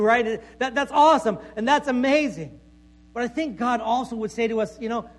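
A male pastor preaching a sermon before a congregation in a conversational way, checking in with "right?" and dropping to a soft voice for emphasis. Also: extremely high pitch. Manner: conversational preaching with frequent "right?" tag questions and stammered repeats; drops to soft, quiet tones for emphasis.

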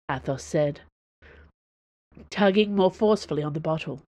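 A woman reads her own fiction aloud as host of her story podcast. Her voice sits a little low and the sound is close and dry. The reading is measured and expressive. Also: dry recording. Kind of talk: storybook narration.

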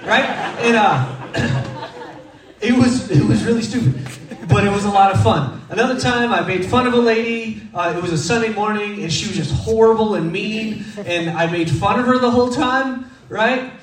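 A man's voice: sits high, moderate pace. A man in his thirties from Texas, preaching in a casual, humorous, self-deprecating storytelling style. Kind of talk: conversational sermon storytelling. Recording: echoey room, distant mic.

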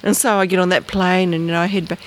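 An Australian woman from Bathurst Island telling personal stories in an interview, rambling with fillers and acting out the voices of people she quotes. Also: quick pace. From Bathurst Island, northern Australia. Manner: animated, acts out quoted voices with big pitch jumps; rambling, many fillers and restarts. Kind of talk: casual storytelling.

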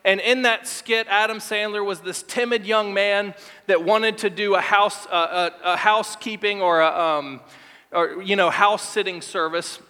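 A male pastor preaching a sermon emphatically, repeating words and slowing to stress key lines. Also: high voice, steady tone, pushed and bright, clear, resonant tone. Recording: long hall reverb.

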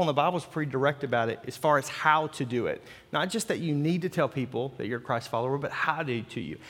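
A man, the senior pastor, preaches with a folksy, chatty delivery, often circling back and restarting his sentences. His voice sits a little higher than most men's. The sanctuary adds a long, lingering reverb. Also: fairly bright tone. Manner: folksy and conversational, with restarts and asides. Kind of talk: sermon. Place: church sanctuary with live congregation.

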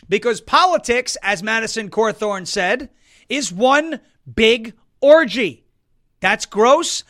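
A man from Long Island, New York, hosting a political talk show with wisecracking, sarcastic commentary and bursts of loud emphasis. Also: sits high. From Suffolk County, New York, US.

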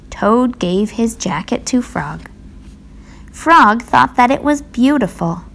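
Woman storyteller, children's book read-aloud; fairly high, unhurried. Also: gravelly. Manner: slow, even read-aloud delivery.

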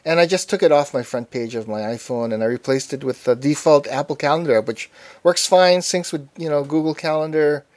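A man's voice: fairly high pitch, brisk, darkish tone, dry recording. A man co-hosting a casual tech podcast, talking in an easygoing, rambling way full of asides. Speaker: podcast co-host.

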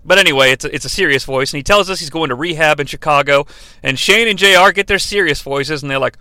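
A man's voice: fairly high pitch, fast, bright, forceful tone, no room sound. A man hosting a podcast, recapping wrestling in a sarcastic, jokey way with many asides. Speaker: podcast host. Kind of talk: comedic recap narration.

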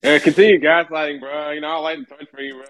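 A man guesting on a casual livestream, relaxed and slangy. His voice sits slightly high, and he talks easily, never in a hurry. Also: quick pace, slight background noise, rough recording. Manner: laid-back, says "bro" a lot.

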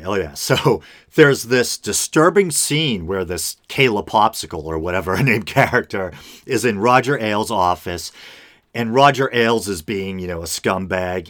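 A man's voice: fairly low pitch, a bit bright. A man hosting a casual solo podcast, reading news stories aloud with offhand asides and frequent laughs. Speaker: podcast host.

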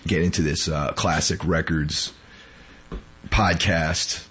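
A man's voice: extremely low pitch, steady tone, takes it slowly, a bit bright, slight background noise. A man hosting a podcast, still sick and sounding weak, talking casually with lots of fillers. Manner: rambling, filler-heavy. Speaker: podcast host.

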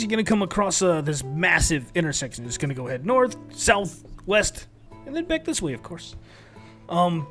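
Man voicing a talkative courier NPC; fillers, hesitant, friendly, a bit high-pitched. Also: a bit bright. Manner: rambling, hesitant, full of fillers. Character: chatty friendly male courier, middle-aged.

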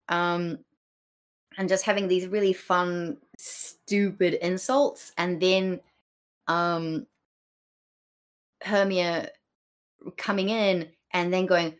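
A woman's voice: lowish voice, steady tone, drawn-out words, long pauses. A woman co-hosting a podcast, chatting casually about a play with many fillers and acted-out quotes. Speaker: podcast co-host.

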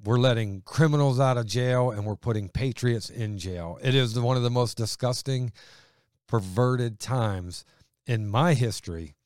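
A male preacher delivers a fervent sermon, pressing his points with emphasis and swinging between loud declarations and quieter asides. His voice sits in a middle pitch. The sound is dry and close, with little room around it. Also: unhurried, clean tone, no room sound.

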